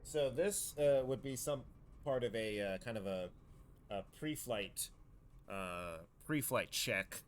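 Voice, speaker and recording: A man narrating a tabletop game as game master, halting with many fillers and restarts. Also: on the low side, slight background noise.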